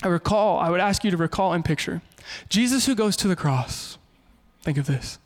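A man in his thirties preaching a sermon as pastor, animated and mixing in humorous stories. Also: high voice, normal speed.

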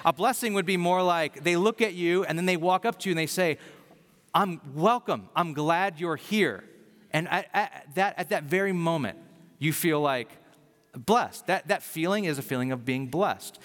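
A man preaching a sermon as a pastor, in a conversational, self-deprecating way with animated storytelling. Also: a little high, big-room sound.

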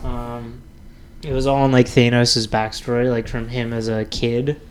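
A man's voice: medium pitch, level tone, a little slow, slight background noise. A man co-hosting a podcast, laid-back and joking in casual chat, with many fillers.

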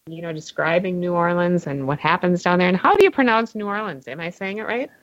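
A woman co-hosting a live online talk show, chatting casually and reacting quickly to her guests. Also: fairly low pitch, expressive, dull audio, crowd noise. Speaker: co-host.

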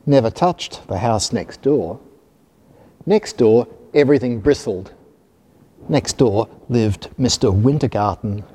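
A man reading a children's picture book aloud, expressive and animated. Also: mid-range voice. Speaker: storyteller. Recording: reverberant hall.

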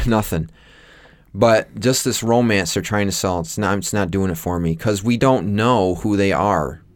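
A man's voice: fairly low pitch, unhurried. A man co-hosting a casual movie review podcast, joking and trailing off mid-sentence. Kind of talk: casual chat.

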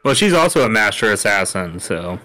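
Casting: male podcast co-host, smooth, clear voice, deadpan quips. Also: lowish voice, fairly quick, rough recording. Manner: dry, joking asides. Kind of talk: casual chat.

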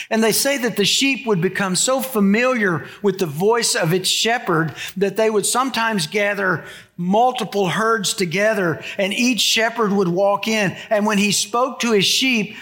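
A man's voice: sits high, fairly bright tone. An older man, a pastor, giving a sermon in a folksy storytelling way, mixing scripture with family anecdotes. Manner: folksy storytelling, shifts from Bible reading to humorous anecdotes.

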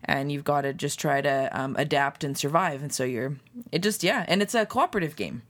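A woman with a slightly hoarse voice, chatting with enthusiasm as a podcast co-host and rambling as she laughs. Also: low voice, fairly quick. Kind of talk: casual chat.

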